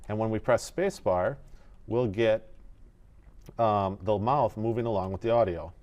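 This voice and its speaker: Guy with a lowish voice explaining animation steps one by one, laid back. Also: moderate pace, muffled recording. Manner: methodical, step-by-step, relaxed. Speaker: animation tutor. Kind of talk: screen-recorded software tutorial.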